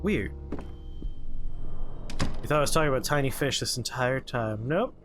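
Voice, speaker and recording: A man's voice: medium pitch, lively intonation, moderate pace. Joking man narrating a horror game. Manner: jokey, rambling asides and puns. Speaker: streamer playing a horror game. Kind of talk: casual gameplay commentary. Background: horror game music playing clearly.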